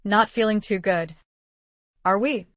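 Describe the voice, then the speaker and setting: A man's voice: sits high, unhurried, a bit bright, dry recording. A woman reading an audiobook, voicing a dry, bantering aristocratic husband and father.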